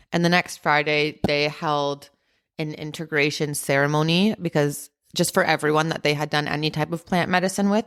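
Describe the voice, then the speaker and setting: Smooth and low, this woman's voice carries a podcast host's casual personal story. She's chatty and fills her speech with lots of "like" and "um."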